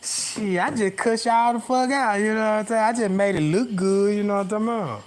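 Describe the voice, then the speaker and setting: A man's voice: high voice, moderate pace, a little hiss or hum. A man livestreaming from outdoors at night on a phone camera, telling a rambling comic story to his viewers in heavy slang and often asking if they know what he is talking about.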